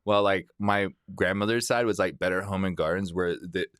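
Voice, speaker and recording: A man's voice: sits low, normal speed, a bit bright, no echo, studio quality. A man guest on a casual podcast chat, rambling with many restarts.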